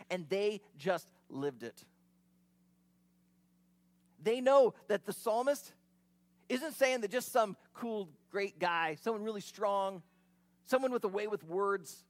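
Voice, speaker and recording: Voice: medium pitch, expressive, slow, pauses often, dry recording. A preacher giving an expository sermon, retelling the scene in a vivid, conversational way with casual asides.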